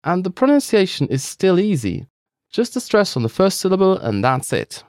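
A man's voice: high-pitched, sing-song, normal speed, a little mellow, no echo, studio quality. A man co-hosting a scripted language lesson, upbeat and encouraging toward listeners.

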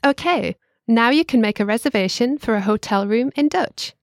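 A woman co-hosting a scripted language lesson, with a clear teacherly delivery that slows down to spell words out. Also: on the high side, expressive, dry recording, studio quality.

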